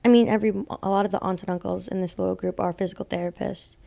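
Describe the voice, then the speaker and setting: A woman's voice: mid-range voice, fairly even intonation, rapid-fire, vocal fry, dark tone. A young woman co-hosting a podcast, telling a story in a rambling casual way, full of fillers and laughing at herself. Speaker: podcast co-host telling ghost stories.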